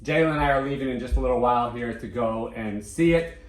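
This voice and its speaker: A man co-hosting a casual podcast, telling stories in an animated way and swearing freely. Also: mid-range voice, fast talker, reverberant. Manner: animated, profane storytelling. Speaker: co-host.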